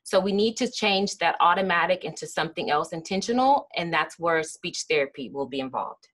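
Woman giving a lecture, kinda low voice, lots of "um"s, explains stuff step by step. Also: animated, fairly quick, a bit bright. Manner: explanatory, with frequent "um" and "kinda", acting out example phrases. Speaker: speech therapist giving a lecture. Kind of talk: educational lecture.

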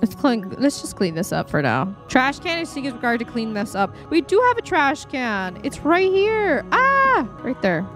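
Young woman, game streamer, casual commentary, slightly high-pitched, chatty and scattered, faint background music. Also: very animated, normal speed, hardly any pauses. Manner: chatty, scattered, self-talking with frequent fillers. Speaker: streamer playing a life-sim game.

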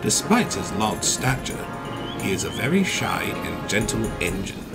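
A man narrating a children's train story in an expressive, animated storytelling manner. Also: on the low side, unhurried. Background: music.

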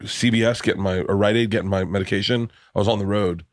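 A middle-aged man hosting a podcast, telling comedic stories in an animated, profane, laughing way. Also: on the low side, quick pace, no room sound, studio quality. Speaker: podcast host. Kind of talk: casual comedic storytelling.

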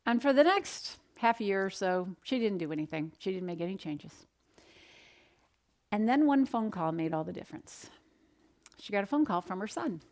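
Lively woman dietitian teaching nutrition. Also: mid-range voice, moderate pace. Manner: animated, asks the audience questions, acts out quoted voices. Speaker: dietitian presenter. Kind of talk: energetic nutrition talk with storytelling.

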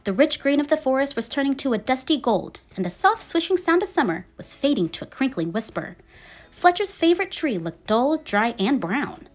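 A woman reading a children's picture book aloud in a gentle, expressive storytelling manner. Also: high voice, normal speed. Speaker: storybook reader.

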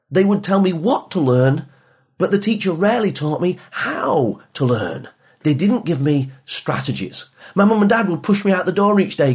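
A man speaking as a motivational speaker to teenagers and parents, emphatic and repetitive, sometimes dropping soft for emphasis. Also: on the high side, expressive, normal speed, husky. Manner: emphatic, repeats phrases, drops soft for emphasis. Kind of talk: motivational podcast talk.

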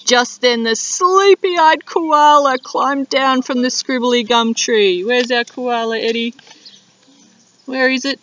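Woman teacher, storybook reading to kids, slow and lively, dull lo-fi sound. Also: fairly high pitch, far from the mic. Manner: animated, drawn-out teacher talk. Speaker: primary school teacher. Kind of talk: reading a picture book to children on video.

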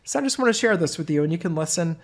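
A middle-aged man hosts a webinar sales talk, telling stories in a chatty manner full of asides. His voice is fairly high, animated, and rapid-fire.

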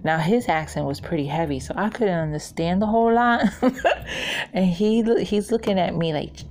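A woman's voice: on the low side, normal speed, darkish tone. A woman, hosting a craft channel and telling rambling stories in a casual chat while she works, laughing often. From New York.

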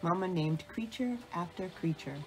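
A woman reading a children's bedtime story aloud in a calm, gentle storytelling manner. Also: lowish voice, moderate pace, poor audio. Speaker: storybook reader.

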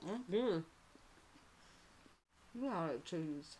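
A woman's voice: lowish voice, animated, slow pace, a little mellow, a little hiss or hum. A woman hosting an eating show, chatting casually and talking straight to her viewers. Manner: chatty, addresses viewers as y'all. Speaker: mukbang channel host.

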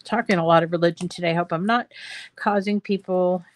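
A woman's voice: lowish voice, fairly even intonation, brisk, a little hiss or hum. A woman hosting a casual craft tutorial, chatting to her viewers in a rambling way with many fillers. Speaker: craft show host.

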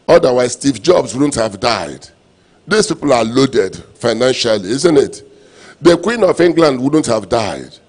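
A male pastor preaching a sermon, repeating refrains and breaking into sudden loud, emphatic lines. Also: mid-range voice. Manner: preaching with call-and-response phrases and sudden loud emphatic bursts.

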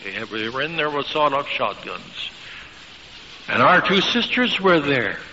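A man preaching a sermon, telling stories emphatically with dramatic pauses. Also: mid-range voice, big pitch swings, bright, forceful tone, a little hiss or hum. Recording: dull lo-fi recording with long hall reverb.

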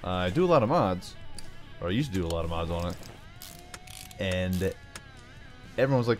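A man's voice: low-pitched, sing-song, moderate pace, long pauses, soft background music. A man giving casual, rambling commentary over a game, full of playful asides. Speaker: gaming YouTuber.

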